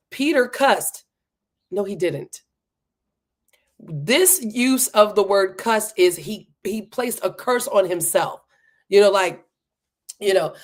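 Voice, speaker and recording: Woman reading Scripture, chatty asides. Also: mid-range voice. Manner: breaks off to chat and laugh at herself. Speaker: Bible reading challenge host. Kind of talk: Scripture reading with casual commentary.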